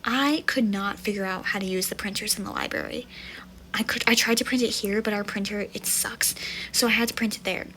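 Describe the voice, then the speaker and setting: A young woman, a university student, rambles through a casual storytime vlog with many fillers, often sinking to a near whisper. Her mid-range voice is fairly bright and even, a little fast, and the low-quality recording has slight hiss or hum.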